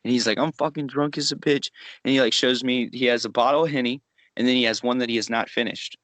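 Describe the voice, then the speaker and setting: Young man, podcast co-host, rambling profane storyteller, mid-pitched voice, dry sound. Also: steady tone, fast talker, fairly bright tone, no echo. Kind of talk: casual storytelling chat.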